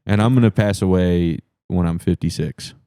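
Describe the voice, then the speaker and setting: A man from New Hampshire, a podcast guest spinning absurd stories with a deadpan delivery. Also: low voice, moderate pace, clean tone, dry recording, studio quality. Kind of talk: improvised comedy interview.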